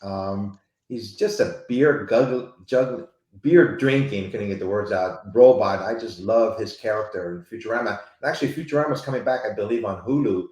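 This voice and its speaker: A man's voice: fairly low pitch, moderate pace, darkish tone, roomy sound, rough recording. A man talking as a guest in a casual chat, hesitant and full of fillers. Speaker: podcast guest.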